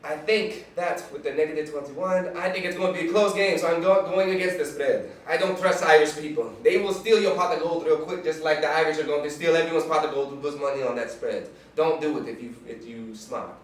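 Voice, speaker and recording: A man's voice: a little high, fairly even intonation, a little fast, few pauses. Hyped young man in an echoey room. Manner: hyped, slangy and joking. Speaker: sports picks host. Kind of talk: casual sports talk. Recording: echoey room, mic far off.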